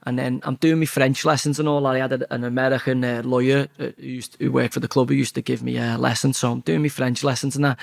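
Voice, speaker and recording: Quick and with hardly a pause, a mid-range male voice with vocal fry spins lively anecdotes full of acted-out quotes and free swearing. He's a former footballer in his forties with a Liverpool accent, guesting on a relaxed storytelling interview.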